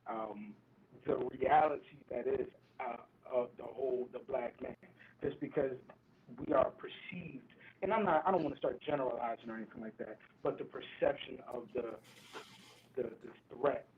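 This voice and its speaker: A man joining a casual podcast discussion as a guest, speaking in a thoughtful, halting way with frequent ums. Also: medium pitch, slight background noise. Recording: tinny phone-like remote line.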